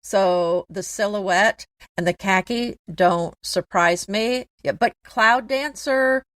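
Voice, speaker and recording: A woman's voice: lowish voice, dry recording. A woman co-hosting a home decorating show, giving her opinions in a thoughtful, casual way. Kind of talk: casual conversational chat.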